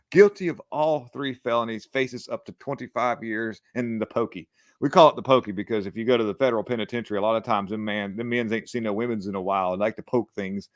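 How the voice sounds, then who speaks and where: A man's voice: mid-range voice, no room sound, studio quality. A man hosting a casual political chat show, joking in a folksy way and often breaking into laughter. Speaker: show host.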